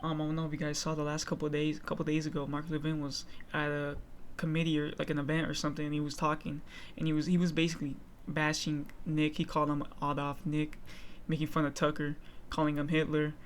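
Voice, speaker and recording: Brief: young male clip-channel host, fast and monotone, faint background hiss. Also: on the high side. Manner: rambling, many fillers. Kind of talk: casual video intro.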